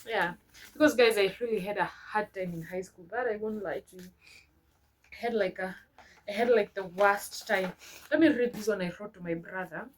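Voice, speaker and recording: A woman's voice: mid-range voice, normal speed, a little hiss or hum, low-quality recording. A young woman, a vlogger reading her old letters aloud and breaking off to chat about them sentimentally. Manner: sentimental, chatty asides between read lines.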